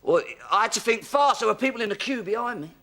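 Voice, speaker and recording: A man's voice: high voice, lively intonation, fast, pushed and bright, exaggerated voice. An actor playing a hapless, muddled man who rambles hesitantly, full of ums and restarts, in a sitcom. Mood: sheepish. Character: hapless, muddled adult man, easily flustered. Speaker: pub regular. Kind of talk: sitcom acting.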